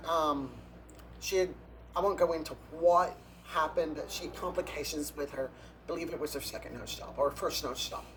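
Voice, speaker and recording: A man's voice: on the high side, a bit bright, a little hiss or hum. A man, a drag performer, telling catty backstage stories in a casual, gossipy interview, breaking into laughs and gasps.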